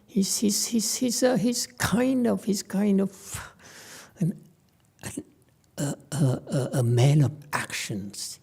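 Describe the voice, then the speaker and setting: A man's voice: high voice, creaky, darkish tone, breathy edge. A man teaching a Buddhist sutra to a live group in a temple hall. He talks casually, stops often to check in with "okay?" and "hmm?", restarts his sentences, and makes dry jokes. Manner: halting restarts, playful asides. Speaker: Buddhist master giving a sutra lecture. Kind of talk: conversational Dharma lecture.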